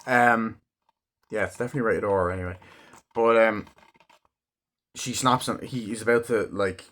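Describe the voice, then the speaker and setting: A man's voice: lowish voice, steady tone, normal speed, fairly bright tone. A man giving a casual movie review, rambling and swearing freely as he acts out scenes.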